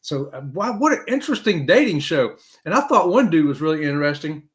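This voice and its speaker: Animated man hosting a live chat. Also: brisk. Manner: animated, talks straight to viewers with "y'all", swoops high for emphasis. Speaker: host of a live cruise chat show. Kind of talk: casual live-stream chat.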